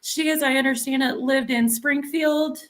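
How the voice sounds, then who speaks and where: A woman's voice: high voice, fairly even intonation, normal speed. A woman, a guest in a casual conversation, easygoing and thinking aloud. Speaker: livestream guest.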